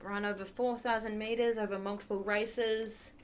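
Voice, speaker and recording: A woman chats along with her viewers while playing a game, her voice sitting at a middle pitch. She talks casually into a desk mic, with faint noise and the odd keyboard click behind her. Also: level tone, normal speed. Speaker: livestream host. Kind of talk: casual gameplay commentary.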